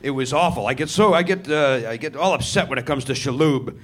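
A man's voice: medium pitch, a little fast, fairly bright tone. A man hosting a live comedy podcast on a theatre stage, riffing sarcastically and swearing freely.

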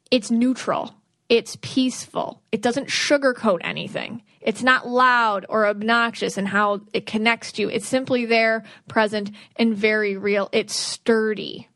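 A woman's voice: on the high side, steady tone, unhurried, fairly bright tone, dry recording. Earnest woman giving spiritual advice. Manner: earnest, rambling, restarts sentences. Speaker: podcast host, aura reader.

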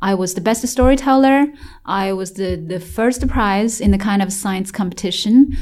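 A woman's voice: medium pitch, normal speed, darkish tone. A woman from China recalling her childhood in an interview, telling it with many fillers and restarts and laughing at times. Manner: laughs while telling hard memories. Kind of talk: personal storytelling in an interview.

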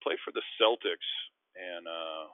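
A man's voice: sits low, unhurried, no echo. A man, a former pro basketball player, telling rambling, self-deprecating stories in a casual call. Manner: self-deprecating, rambling anecdotes with many restarts. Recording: tinny phone-line audio, dry.

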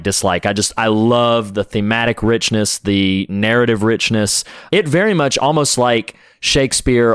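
A man's voice: lowish voice, a bit bright, clean tone, no echo, studio quality. A man co-hosting a podcast, talking about a classic film with heartfelt enthusiasm. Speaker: podcast co-host. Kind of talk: casual film discussion.

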